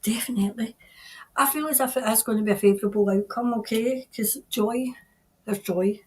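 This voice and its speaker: Earnest tarot reader, woman, middle-aged, higher voice, halting delivery, repeats herself. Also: darkish tone, poor audio. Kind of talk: spontaneous psychic reading.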